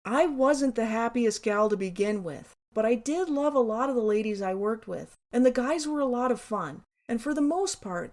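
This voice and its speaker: A woman's voice: fairly high pitch, darkish tone. A woman narrating her own memoir in a wry, candid, sarcastic way, with casual swearing.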